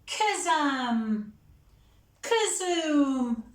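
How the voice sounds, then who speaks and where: A woman voicing a boastful, bossy young boy mouse in a picture book, with loud exclamations. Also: on the high side, lively intonation, slow. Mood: excited. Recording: roomy echo.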